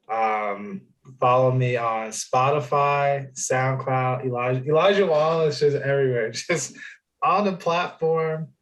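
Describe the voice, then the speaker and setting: A young man chats casually as a guest. His voice sits at an ordinary, middle pitch. He tells stories loosely, full of fillers and restarts. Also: a bit bright, rough recording. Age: young adult. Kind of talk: casual interview chat.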